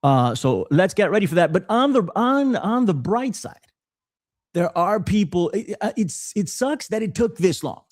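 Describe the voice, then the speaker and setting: A man hosting a podcast, giving casual political commentary in an animated way with frequent stammered restarts. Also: sits high, moderate pace, no echo, studio quality. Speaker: podcast host.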